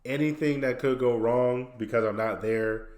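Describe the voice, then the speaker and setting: A man chats through a cartoon episode on a podcast, mixing quick quoted voices and chuckles into his retelling. His voice sits mid-range and rings in an echoey room. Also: mid-range voice, darkish tone. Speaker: podcast co-host. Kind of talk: casual podcast recap.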